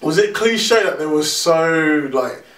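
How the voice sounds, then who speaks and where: A young man chatting casually and excitedly about a film, repeating himself and laughing often. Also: fairly high pitch, slow pace, crowd noise. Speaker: host. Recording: echoey room, mic at a distance.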